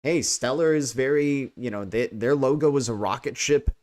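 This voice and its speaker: A man's voice: medium pitch, normal speed, a little mellow. American guy, crypto channel host, chatty, says right a lot. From United States. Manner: chatty, keeps tagging on "right?" and "you know". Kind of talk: casual crypto news commentary.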